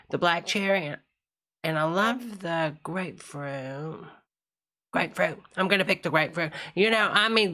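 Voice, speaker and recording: A woman hosting a casual live reaction stream. She chats with her viewers, calls them honey, and chants along with what she is watching. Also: medium pitch. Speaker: livestream host. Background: loud music video playing.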